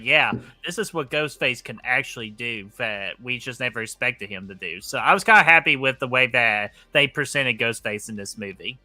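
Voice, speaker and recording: A man trading jokes on a casual film review chat, casually profane. His voice is very bright, and the recording is dry and close. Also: medium pitch, no room sound. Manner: joking and profane.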